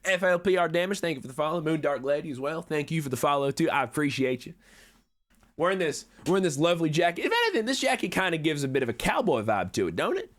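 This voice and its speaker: A man streaming a game in character as a chatty cowboy con man, reading chat with folksy talk and sudden high excited jumps. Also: quick pace.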